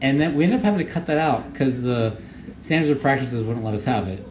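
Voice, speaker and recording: A man who made the show gives casual audio commentary, rambling and halting with many fillers and repeated words. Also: mid-range voice, expressive, darkish tone. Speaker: show creator giving commentary. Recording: echoey room with faint noise.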